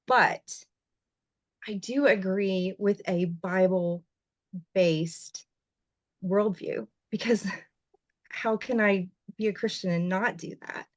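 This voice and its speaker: Heartfelt woman telling a personal story. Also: dry recording. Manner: heartfelt, expressive storytelling with laughs; voice jumps high when emotional. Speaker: guest, writer and journalist. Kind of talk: podcast interview storytelling.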